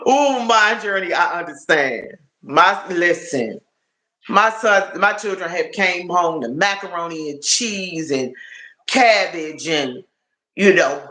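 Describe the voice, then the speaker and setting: A man's voice: high voice, pushed and bright. A man chatting casually on a live stream, rambling and repeating his words as he talks to viewers. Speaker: livestreamer. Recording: roomy echo.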